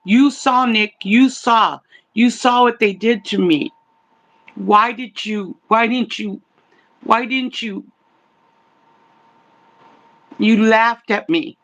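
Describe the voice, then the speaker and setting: A woman voicing a hurt, accusing young man's spirit, speaking in halting, repeated phrases. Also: fairly high pitch, fairly bright tone.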